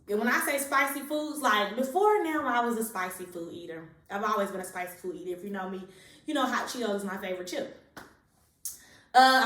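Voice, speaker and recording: Her voice a little high and a bit bright, a young vlogger gives a pregnancy update in a casual, rambling chat to camera, full of fillers and a little short of breath. It's recorded in an echoey room with a distant mic.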